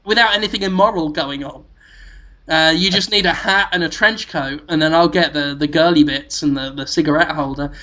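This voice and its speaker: Pushed and bright, his high-leaning voice runs a little fast as he co-hosts a podcast. In casual chat he tells playful, goofy stories, giggling and laughing throughout.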